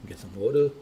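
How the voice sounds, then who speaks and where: A man leading simple relaxation exercises step by step. He talks hesitantly, restarts and repeats words, coughs now and then, and goes soft and quiet while guiding. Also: mid-range voice, slight background noise. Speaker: relaxation instructor.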